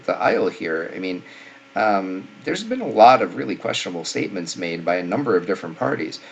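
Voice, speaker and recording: A man, a paramedic and nurse, giving snarky, opinionated commentary in a casual way, with frequent "uh" fillers. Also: lowish voice.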